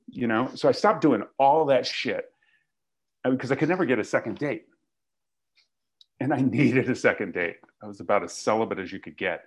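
A man's voice: mid-range voice, normal speed, pauses often, husky. Candid, self-mocking man telling his story. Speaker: recovery meeting speaker. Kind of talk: confessional comic storytelling.

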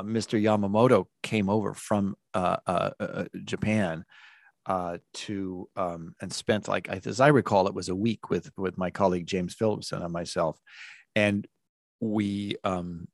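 Interviewed about his career in music and sound design, a middle-aged man with a low-leaning voice rambles casually through stories, restarting often and leaning on fillers. The audio is studio quality with no echo.

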